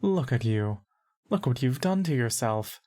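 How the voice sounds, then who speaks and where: A woman's voice: extremely low pitch, lively intonation, a little slow, dark tone. A woman voicing a cruel man who speaks in a falsely sweet, cooing way.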